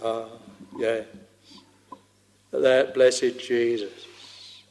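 A man's voice: medium pitch, flat delivery, extremely slow, a little mellow. A man preaching a sermon with old-style fervor, calling his listeners dear soul, sometimes swelling into a half-sung chant. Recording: long hall reverb.

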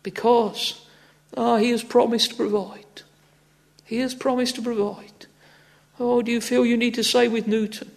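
A man delivers a sermon in a very high voice with a gravelly edge. He presses his listeners earnestly and keeps returning to "ah, friends" and "oh" as he exhorts them. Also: little pitch movement, moderate pace. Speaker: preacher.

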